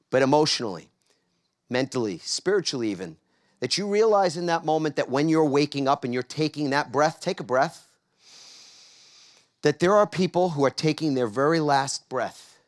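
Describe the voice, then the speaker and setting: Animated middle-aged man giving a motivational talk. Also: medium pitch. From New York. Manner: animated, coaxes the audience to answer back. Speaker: speaker. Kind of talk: motivational talk to a live audience.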